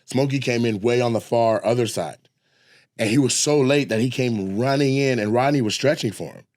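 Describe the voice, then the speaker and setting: A man's voice: medium pitch, moderate pace. A man co-hosting a comedy podcast, telling stories in casual chat and acting out the people in them. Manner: animated, acts out voices in stories. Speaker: podcast co-host.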